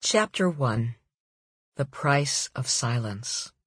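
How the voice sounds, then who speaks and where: A woman author reading her own nonfiction audiobook in a measured, deliberate way. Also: extremely low pitch, expressive, fairly bright tone, husky, dry recording, clean studio sound.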